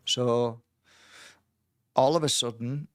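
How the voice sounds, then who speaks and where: A middle-aged man, a spiritual healer telling a personal story in an animated way, with many fillers and restarts. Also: medium pitch, slow, background noise.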